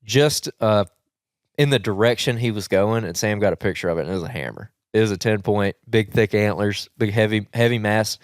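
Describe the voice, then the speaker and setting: Southern guy podcast host, rambling animated story, laughs a lot, dry close mic. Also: lowish voice, a little fast, no room sound. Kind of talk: casual storytelling chat.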